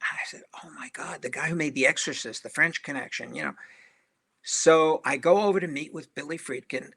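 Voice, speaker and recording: Older man telling lively anecdotes, bright voice. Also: on the high side, fairly quick, husky. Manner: animated storyteller who acts out quoted voices. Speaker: film director, interview guest. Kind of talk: anecdotal interview storytelling.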